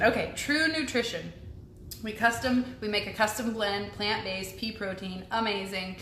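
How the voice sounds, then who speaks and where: A woman's voice: medium pitch, normal speed, noisy background. Chatty young woman, echoey room. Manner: chatty, upbeat, frequent ums and likes. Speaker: host answering viewer questions. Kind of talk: casual live-stream chat. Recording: echoey room with faint ambience.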